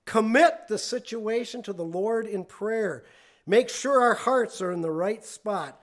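A pastor with a notably high-pitched voice gives a relaxed, conversational sermon at a measured pace. His delivery is folksy storytelling, punctuated by chuckles.

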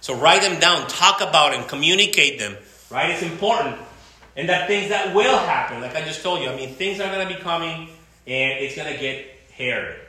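Male pastor, bright forceful tone, impassioned sermon, roomy church echo. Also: on the high side, animated, moderate pace. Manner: impassioned, repetitive, with many restarts.

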